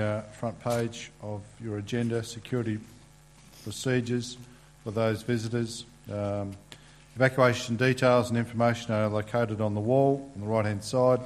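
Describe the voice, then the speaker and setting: A man chairing a council meeting, reading procedural items in a halting way with many fillers. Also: on the low side, a little mellow.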